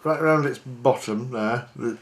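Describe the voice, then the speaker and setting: A man, working as a fishing guide, talking through a fly tying demonstration in a chatty, relaxed, self-deprecating way. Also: mid-range voice, unhurried.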